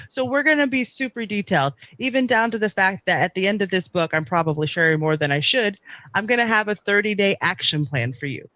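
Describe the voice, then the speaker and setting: A woman guest on a casual podcast, an AI marketing coach explaining with animated enthusiasm and repeated phrases. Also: medium pitch, a little fast, dry recording.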